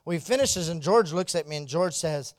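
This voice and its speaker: Animated storytelling man, fairly high voice. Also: fairly quick, no room sound, studio quality. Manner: animated, laughs often and acts out the dialogue; drops to a hushed, earnest tone when serious. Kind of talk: storytelling testimony.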